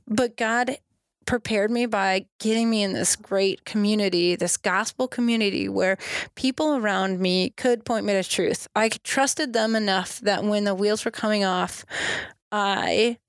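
A woman's voice: medium pitch, dry recording. Woman guest, frank self-mocking storyteller, dry close sound. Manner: candid, self-deprecating storyteller; often trails off and restarts. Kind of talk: casual conversational testimony.

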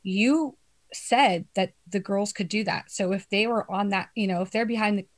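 A woman's voice: mid-range voice, normal speed. A young woman in casual chat with friends, telling a story with lots of swearing and laughter.

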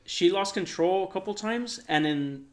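A man telling a long story on a casual podcast, rambling and soft-spoken, with lots of filler words. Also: high voice, animated, moderate pace. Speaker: podcast co-host.

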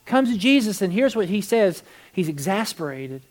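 A pastor preaching a sermon in a church service, animated, swinging from quiet emphasis to near-shouting and often repeating words to build a point. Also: medium pitch, normal speed.

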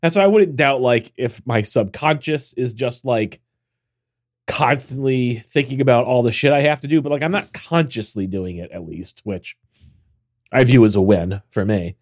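A man's voice: medium pitch, moderate pace, darkish tone. A man in his forties, co-hosting a podcast in casual chat, tired and congested with a nasal voice, rambling with many restarts. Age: 40s. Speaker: podcast co-host.

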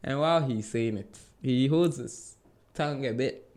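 A man hosting a podcast, recapping a TV episode in relaxed, casual chat and acting out the characters' lines. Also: medium pitch, moderate pace. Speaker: podcast host.

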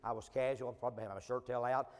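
A man preaching as a traveling evangelist, telling a humorous personal story in an animated, self-mocking way. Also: medium pitch, very fast, big-room sound.

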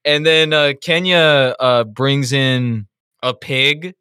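A man co-hosting a casual review podcast, telling stories in an animated, profane way. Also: medium pitch, slow, smooth, dry recording, studio quality. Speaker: podcast co-host.

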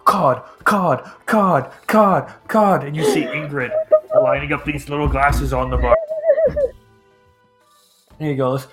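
A man narrating a tabletop game as its game master, telling the scene loosely. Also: a little high. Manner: loose, storytelling narration with chanted crowd voices.

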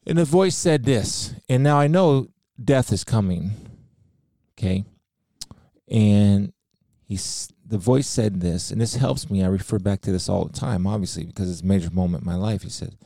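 A man's voice: on the low side, normal speed, gravelly, warm tone, dry recording, studio quality. A middle-aged man giving an earnest spoken devotional talk, quoting scripture and sharing a personal story. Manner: earnest, preacherly, quotes scripture. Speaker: speaker sharing faith.

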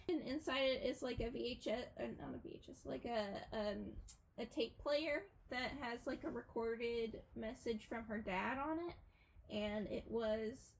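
A young woman chatting casually on a podcast, retelling a movie with lots of filler and restarts. Her fairly high voice has a gravelly fry to it. A faint hiss sits under the recording. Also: a little mellow, poor audio. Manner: rambling with frequent fillers. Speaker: podcast co-host. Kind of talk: casual chat retelling a film.

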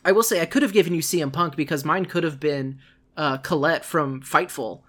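A man's voice: a little high, fairly quick, a bit bright. A man hosting a casual podcast, chatting animatedly, laughing often and acting out quotes. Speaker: podcast host.

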